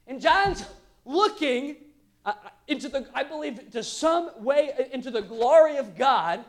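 A male pastor preaching a sermon, moving between quiet asides and loud, emphatic bursts. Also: very high voice, expressive, moderate pace.

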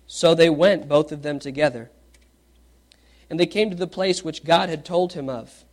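This sermon comes from a man whose voice is a little high and whose speed is normal. He reads scripture aloud and questions his congregation, going from loud, spirited questions to quiet, pointed emphasis.

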